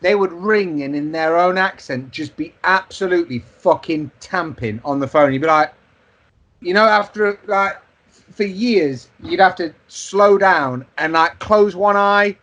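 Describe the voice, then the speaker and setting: A man with a notably high speaking voice, chatting casually on a podcast. He tells long sweary stories about old jobs. His talk is loose and anecdotal. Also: moderate pace, a bit bright. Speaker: podcast co-host. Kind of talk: casual chat.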